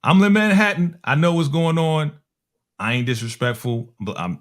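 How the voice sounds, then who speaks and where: A middle-aged man from Harlem, telling animated, slangy stories in casual chat and acting out the voices of people in them. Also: a little high, moderate pace. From Harlem, New York. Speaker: music producer telling stories on a talk show.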